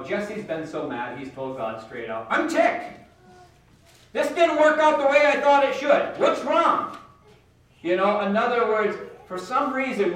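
A man delivers a folksy, conversational sermon in a high voice. He acts out quotes and asides as he tells the story. He stands well back from the mic, and the room rings with heavy echo. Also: a bit bright. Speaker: preacher. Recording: very echoey room, speaker far from the mic.

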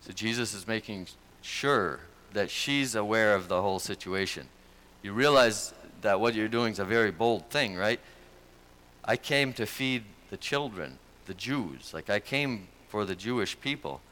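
A male pastor delivers a sermon at an unhurried, deliberate pace. His voice is lower-pitched for a man yet bright and forceful in tone. He preaches in an earnest, conversational manner. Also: animated.

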